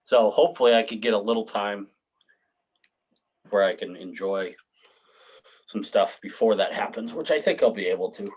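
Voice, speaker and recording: A 30-something podcast co-host recovering from hip surgery chats casually, easygoing and profane, laughing frequently. He speaks at a moderate pace with long pauses, in a lowish, darkish, breathy voice, over a rough recording.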